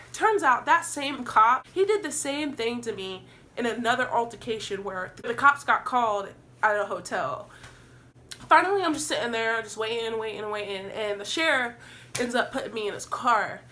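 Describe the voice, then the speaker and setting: A young woman vlogger telling a wild story in a casual storytime vlog, animated and profane, acting out what people said. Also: a little high, normal speed, slight background noise.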